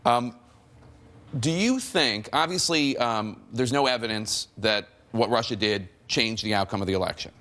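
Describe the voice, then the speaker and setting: A man hosting and moderating a television panel discussion, measured and with wry asides. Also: medium pitch, fairly bright tone. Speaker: host. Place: television studio.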